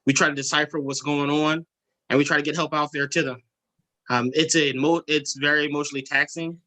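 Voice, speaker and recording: A man's voice: on the high side, little pitch movement, a little fast, pushed and bright, low-quality recording. A man, a 911 specialist, giving earnest, somewhat hesitant testimony at a legislative hearing. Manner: earnest, hesitant, many fillers.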